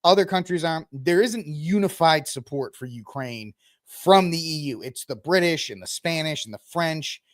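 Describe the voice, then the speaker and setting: A male podcast host riffs through the news in a loose, rambling way, full of ums and self-corrections. His voice sits fairly high for a man. The sound is dry and close. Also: expressive, normal speed, no room sound. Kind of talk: casual news commentary livestream.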